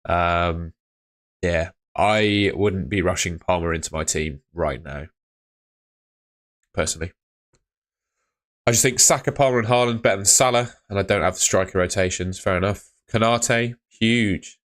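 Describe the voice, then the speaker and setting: A man's voice: deep voice, a little slow, pauses often, fairly bright tone. A young man casually chatting on a live stream, reading out viewer messages in a laid-back way. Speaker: fantasy football streamer.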